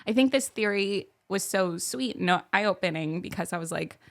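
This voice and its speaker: Young woman co-host, chatty, laughs a lot, mid-pitched. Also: animated, normal speed. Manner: chatty, laughs often, lots of fillers. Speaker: podcast co-host. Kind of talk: casual chat.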